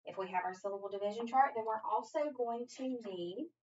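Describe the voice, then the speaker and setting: A woman tutoring reading, walking a student through phonics coding rules at a slow, deliberate pace. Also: fairly high pitch, darkish tone, far from the mic. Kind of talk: structured phonics lesson. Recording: muffled audio from away from the mic.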